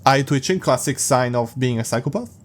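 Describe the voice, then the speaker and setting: A man's voice: medium pitch, animated, brisk. A man hosting a podcast, reading a story aloud and breaking off for amused, sarcastic commentary. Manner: amused, sarcastic asides, laughs often. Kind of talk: casual reading with mocking commentary.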